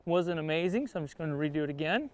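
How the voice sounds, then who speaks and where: A man's voice: a little high, lively intonation, quick pace. A man teaching horse training while riding, coaching the horse in short words and explaining to viewers in plain-spoken cowboy talk. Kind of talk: instructional riding lesson. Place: outdoor riding arena.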